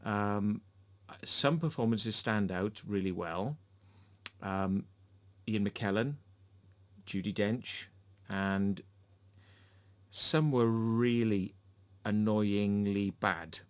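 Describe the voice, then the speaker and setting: A man's voice: lowish voice, very slow, long pauses. A man giving a casual film review, rambling and swearing with lots of fillers and restarts. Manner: rambling and profane, with many fillers.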